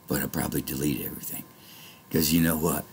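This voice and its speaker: A man vlogging a rambling monologue to his viewers, swinging from low muttering to angry shouting and swearing often. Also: fairly even intonation, fast talker, vocal fry, slight background noise.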